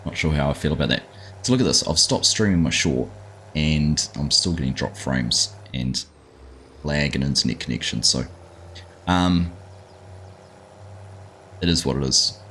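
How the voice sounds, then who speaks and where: A man's voice: extremely low pitch, expressive, measured pace, long pauses, pushed and bright, slight background noise. A middle-aged Australian man hosting a live gaming stream, chatting casually and greeting viewers by name, often calling them mate. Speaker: livestream gaming host.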